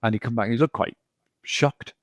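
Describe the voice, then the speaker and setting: A man's voice: medium pitch, fairly quick, no echo. A middle-aged male geologist talking casually as a podcast guest, rambling through anecdotes with lots of repeats and "you know".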